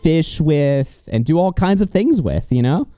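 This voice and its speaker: Animated, dark-voiced male streamer host. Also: on the high side, a little slow, no echo, clean studio sound. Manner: animated, incredulous, swears and laughs often. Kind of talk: casual stream commentary.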